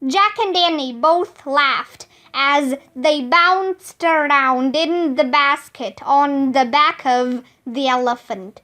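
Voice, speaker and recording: A woman reading a children's book aloud as narrator, slow, careful and expressive. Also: sits high.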